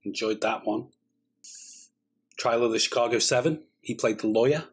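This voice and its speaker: A man's voice: mid-range voice, moderate pace, breathy edge. A man co-hosting a film reaction chat, talking in a jokey, rambling way. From Britain. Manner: chatty, jokey, rambling asides. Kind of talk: casual chat.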